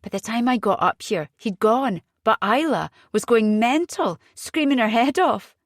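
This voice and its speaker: A woman voicing an agitated young Scottish mother in an audiobook, speaking urgently with a rising pitch. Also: animated, a little slow, dry recording, clean studio sound.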